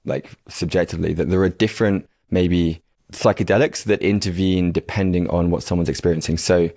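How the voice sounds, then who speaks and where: This is a man hosting a podcast with a very low, deep voice. He asks questions in a searching, hesitant way and leans on fillers. The sound is dry and close, with no room echo. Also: fairly even intonation, a little fast, warm tone. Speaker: podcast host. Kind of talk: reflective interview questions.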